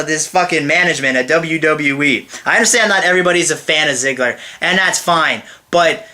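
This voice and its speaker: Man, high bright voice, angry swearing review rant, exasperated delivery. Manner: heated, swears constantly, exasperated. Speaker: wrestling event reviewer. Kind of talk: profane ranting review.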